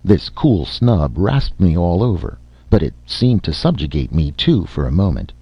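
A man narrating a story aloud in an expressive, dramatic reading style. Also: low voice, measured pace, creaky, slightly rough, dry recording. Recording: slightly muffled lo-fi recording.

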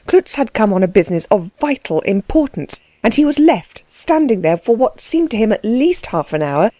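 A woman narrating a classic novel with expressive, steady storytelling. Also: mid-range voice, dry recording. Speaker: audiobook narrator. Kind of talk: scripted narration.

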